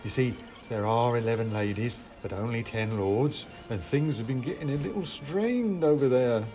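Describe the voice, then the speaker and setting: High-pitched, bouncy swashbuckler, boastful and eager, as a man puts him on, storybook reading. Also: normal speed, a little mellow, faint music behind, lightly acted. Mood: triumphant. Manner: eager, theatrical delivery.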